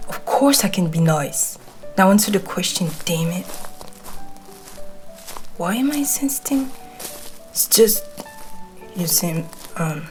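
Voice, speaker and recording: A brash, swearing teenage boy, voiced by a woman, talks straight to the listener in an audio role-play, his tsundere bluster slipping into fluster. The delivery is slow and drawn out, in a lowish voice. Faint music plays softly behind him. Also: low-quality recording. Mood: grumpy. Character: gruff hot-tempered teenage boy classmate. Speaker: voice actor.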